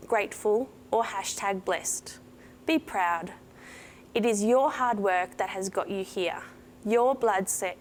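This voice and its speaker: A woman's voice: medium pitch, slight background noise. Emphatic woman giving a rousing speech. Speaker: awards speaker. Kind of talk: motivational speech.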